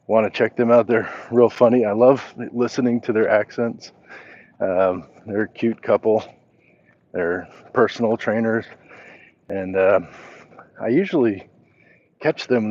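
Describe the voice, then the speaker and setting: A man's voice: on the low side, a little mellow, dull audio. A man hosting a casual walk-and-talk livestream, reading chat messages aloud and answering them as he walks. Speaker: livestream host.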